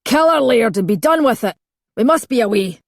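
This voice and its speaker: A woman voicing a gruff, bullying male cattle thief who barks and hisses his orders. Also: mid-range voice, lively intonation, moderate pace, no room sound, studio quality. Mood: urgent. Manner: harsh, barking and hissing.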